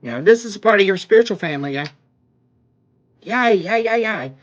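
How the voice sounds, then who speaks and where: A woman reading tarot on a live stream, excitable and exclaiming, talking to viewers as y'all. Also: medium pitch, moderate pace, lo-fi sound. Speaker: tarot reader.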